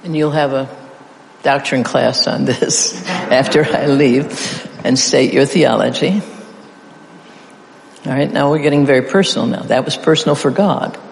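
A middle-aged man preaches unhurriedly in a mid-range voice with vocal fry, playfully steering his audience through repeated call-and-response lines. There's slight background noise in the echoey hall, which has faint ambience.

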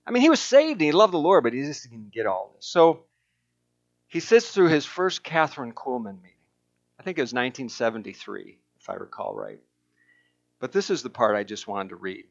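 A man's voice: medium pitch, sing-song, fairly quick, gravelly. A man preaching a sermon who reads aloud earnestly and emphatically, with fillers and restarts. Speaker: pastor. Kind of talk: sermon with reading aloud from a book. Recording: dull lo-fi recording.

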